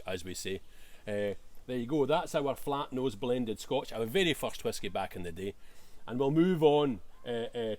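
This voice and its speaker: Scottish man, whisky tasting talk, enthusiastic, lots of ums and uhs, mid-pitched voice. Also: a little mellow. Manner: hesitant, many fillers, enthusiastic. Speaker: whisky bottler presenting a tasting. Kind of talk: casual tasting presentation.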